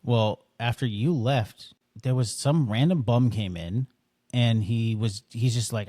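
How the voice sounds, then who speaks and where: A man's voice: medium pitch, unhurried, mellow, no echo, clean studio sound. A man co-hosting a podcast in casual chat, laid-back and hesitant, with many fillers. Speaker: podcast co-host.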